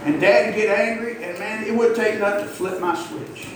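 A man's voice: high voice, normal speed. A middle-aged man, preaching a folksy, emphatic sermon and drawing call-and-response from the congregation. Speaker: pastor. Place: church sanctuary. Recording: echoey church from far off, noisy.

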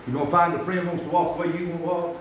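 Folksy preacher in an echoey church. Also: male voice, a little high, little pitch movement, racing, a little hiss or hum. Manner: rambling folksy preaching, rising to shouts. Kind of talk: sermon. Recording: echoey hall from far off.

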